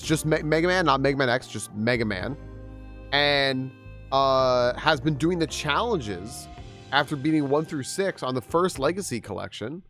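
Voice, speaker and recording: A man's voice: medium pitch, animated, normal speed, fairly bright tone, soft background music. A young man streaming a game, chatting casually, laughing and greeting his chat.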